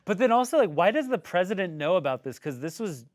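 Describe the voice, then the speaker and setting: Chatty man, slightly high voice, dry sound. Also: big pitch swings, fast talker, no echo, soft background music. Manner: chatty, laughs often, uses lots of fillers. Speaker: podcast co-host. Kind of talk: casual movie-review chat.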